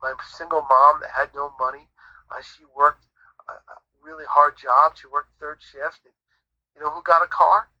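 A man's voice: a little high, fairly even intonation, normal speed, dry recording. A man giving his faith testimony as an interview guest, in an earnest, preacherly storytelling manner, on muffled audio. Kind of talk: conversational Christian testimony.

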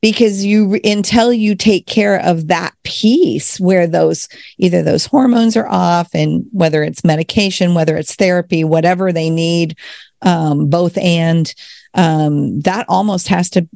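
A woman's voice: fairly low pitch, unhurried, creaky, darkish tone, dry recording, clean studio sound. A woman hosting a podcast interview in a casual, conversational way, affirming her guest and asking questions. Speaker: podcast host.

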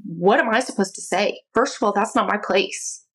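A woman's voice: mid-range voice, normal speed, low-quality recording. A woman guest speaking earnestly and from the heart as she tells a personal faith story, sometimes restarting her words. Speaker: interview guest. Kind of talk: personal faith testimony in conversation.

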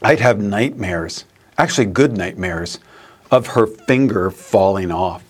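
Slow-speaking priest giving a homily. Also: male voice, lowish voice, slightly rough. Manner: storytelling, laughing at his own anecdotes. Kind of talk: sermon.

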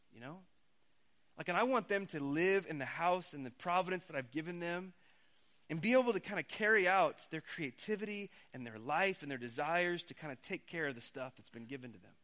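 A man's voice: on the high side, expressive, fairly quick, sharp tone. A man in his thirties, a pastor giving a conversational, emphatic sermon.

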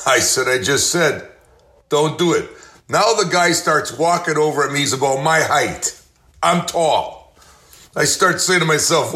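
Slow, bright-voiced older man preaching. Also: on the high side, animated. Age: 60s. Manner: slow, emphatic, preacherly delivery with repeated affirmations. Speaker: host. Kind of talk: motivational faith talk.

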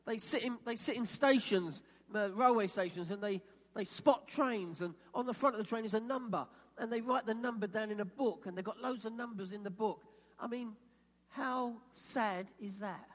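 A man from England preaching a sermon, animated and quoting imagined voices as he speaks. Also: high voice, fairly quick, big-room sound. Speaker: pastor.

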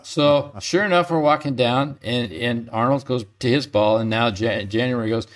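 An older man, a retired pro golfer, tells stories as an interview guest in a relaxed, chatty way. His voice is medium in pitch and moderate in pace, and he often chuckles and restarts mid-sentence.

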